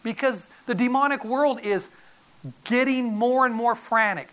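A woman's voice: a little high, a little slow, a bit bright. A woman preacher giving a sermon, telling the story dramatically and acting out voices.

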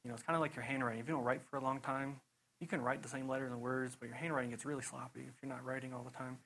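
A young man preaching in a loose, chatty way, piling on "you know" and laughing through his own stories. His voice sits at an ordinary middle pitch. A faint hiss of noise runs under the recording. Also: rapid-fire, creaky, low-quality recording. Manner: rambling, animated storytelling with frequent "you know" and laughs. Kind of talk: casual sermon testimony.

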